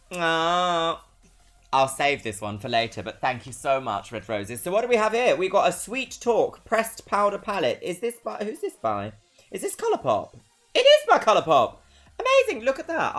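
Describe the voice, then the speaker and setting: A woman's voice: fairly low pitch, very animated, moderate pace, fairly bright tone, faint music behind. A young woman from London with a London accent, chatting on a live stream in a bubbly, giggly way. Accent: London English. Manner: bubbly, chatty, laughs often. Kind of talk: casual live-stream chat.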